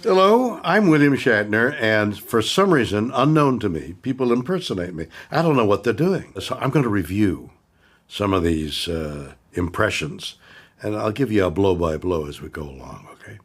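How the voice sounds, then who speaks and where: Incredulous older man, husky and lively. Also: fairly low pitch, moderate pace. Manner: incredulous, stammering, repeats himself. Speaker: host of an impressions review video. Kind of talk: scripted comic commentary.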